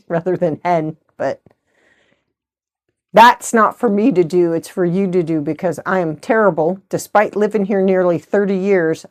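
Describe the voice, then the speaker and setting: A woman's voice: fairly low pitch, darkish tone. Chatty middle-aged woman. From United States. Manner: chatty, rambling, good-humored. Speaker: host of a knitting channel. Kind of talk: casual chat.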